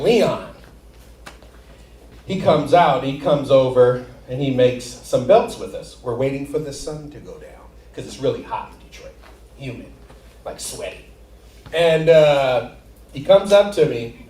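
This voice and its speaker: A man's voice: medium pitch, animated, measured pace, long pauses, darkish tone, roomy sound, distant mic, a little hiss or hum. Man telling a rambling stand-up story. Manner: rambling, laughs at his own jokes, acts out friends and family. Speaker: stand-up comedian. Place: comedy theater stage.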